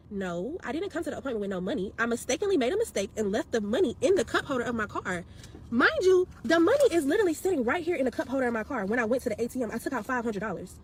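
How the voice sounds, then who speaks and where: Fast-talking animated woman telling a story. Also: high-pitched, a little hiss or hum. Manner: expressive, slangy, exasperated, acts out quotes. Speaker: storyteller vlogger.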